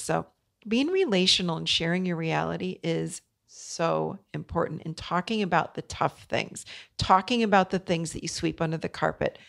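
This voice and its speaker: Woman podcast host, middle-aged, low-pitched and gravelly, earnest coaching delivery. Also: animated, moderate pace, fairly bright tone. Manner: earnest, coaching tone, speaks directly to listeners. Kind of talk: solo podcast talk.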